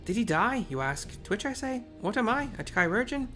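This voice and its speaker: A man voicing a small, gruff female warrior who loves her drink, brash and dismissive. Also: high voice, big pitch swings, a little fast, over music, voice pushed up. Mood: brusque.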